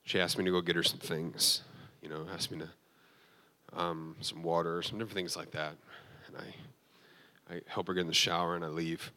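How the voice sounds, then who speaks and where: A man's voice: low voice, level tone, normal speed, sharp tone. A man giving a sermon as a pastor, telling an emotional personal testimony with frequent restarts and fillers.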